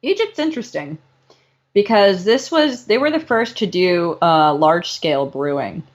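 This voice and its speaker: A woman's voice: fairly low pitch, expressive, normal speed, lo-fi sound. A young woman from Southern California, co-hosting a podcast in casual, playful chat and swearing freely. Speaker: podcast co-host.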